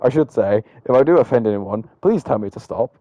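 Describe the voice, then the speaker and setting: A man's voice: medium pitch, expressive, fairly quick, dark tone, dry recording, lo-fi sound. A man giving casual live commentary on a sim race, with lots of filler ums and a loose, chatty way of talking.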